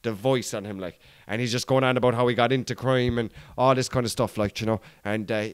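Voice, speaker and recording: An Irish podcast co-host chats with animated, slangy banter. His voice is smooth and resonant, recorded dry and close to the mic. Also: mid-range voice, fairly quick, no echo. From Ireland. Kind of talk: casual chat.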